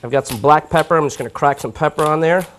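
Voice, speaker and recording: A man's voice: on the high side, fast, a bit bright, a little hiss or hum. A man from New York hosting a live cooking show, chatting informally while he cooks. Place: home kitchen.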